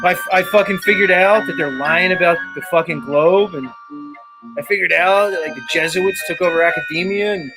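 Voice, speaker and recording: A man hosts a livestream show, his voice sitting high and moving a little fast over music. He rants casually in a sarcastic, mock-exasperated way and swears often.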